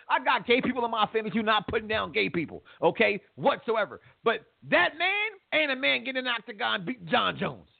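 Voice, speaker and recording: Animated loud opinionated man, tinny audio. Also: very high voice, gravelly. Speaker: podcast host. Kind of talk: heated sports talk show banter.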